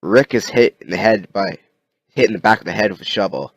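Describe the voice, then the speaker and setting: A man narrating an improvised story in a halting way, with many restarts. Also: fairly low pitch, breathy edge, no room sound. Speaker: amateur narrator.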